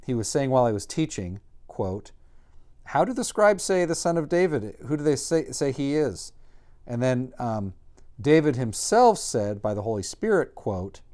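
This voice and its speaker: A man talks through a Greek workbook lesson at an unhurried, deliberate pace. His voice sits at a middle pitch, and he thinks aloud with frequent ums and restarts. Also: dark tone. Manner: slow, halting, many ums and self-corrections. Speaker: Greek teacher. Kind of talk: casual recorded lesson.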